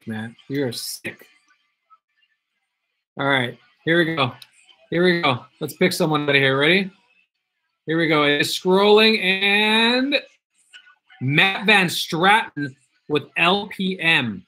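A man's voice: on the high side, pushed and bright. Chatty young man hosting a livestream. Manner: chatty, reads viewer comments aloud, repeats himself. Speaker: livestream host opening card packs. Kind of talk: casual livestream chat.

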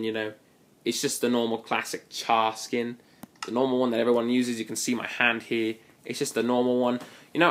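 A man talks his way through a game session in a loose, rambling way, stopping and restarting mid-sentence and drifting from one tangent to the next. His voice sits at an ordinary middle pitch for a man. He is playful and likes to exaggerate for fun. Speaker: gaming video host. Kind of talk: casual gameplay commentary.

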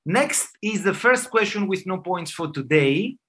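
A man's voice: high voice, expressive, measured pace, fairly bright tone. A man hosting a live online quiz for colleagues, playful and laughing between answers, heard over a video call. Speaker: quiz host and dermatologist.

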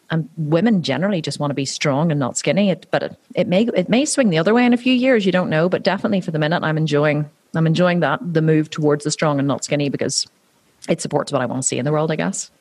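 Speaking as an interview guest, this woman in her forties, a pro athlete, is chatty and laughs a lot, with many restarts and "you know" fillers. She has a low, darkish voice, and the recording has no room sound.

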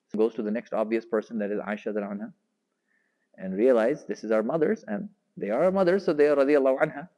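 A man giving a storytelling religious lecture, animated and raising his voice sharply when he quotes the people in his story. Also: mid-range voice, fast, big-room sound, rough recording. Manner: animated, raises voice sharply when quoting figures.

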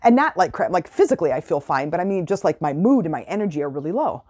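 A woman's voice: lowish voice, big pitch swings, fast talker, few pauses, dark tone. A middle-aged woman hosting a motivational podcast, talking in a chatty, rambling way with lots of fillers. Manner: chatty, rambling, many "like" and "you know" fillers. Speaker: podcast host. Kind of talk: casual motivational monologue.

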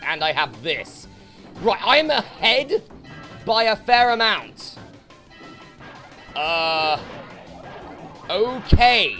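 Brief: high, lively British male let's player, sweary and exasperated at the game. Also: very slow, long pauses, faint music behind. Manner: swearing, frustrated outbursts at the game. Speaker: let's play host. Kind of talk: gameplay commentary.

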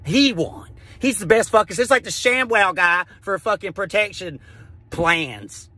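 High bright exasperated comic storyteller man. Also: lively intonation, dry recording. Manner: exasperated, crude, rapid ranting. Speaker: stand-up comedian. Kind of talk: stand-up storytelling.

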